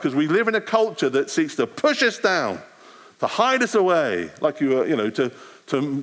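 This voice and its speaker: Lively street preacher. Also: male voice, mid-range voice. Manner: animated, acts out street conversations. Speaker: street evangelist. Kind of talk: talk to a church audience.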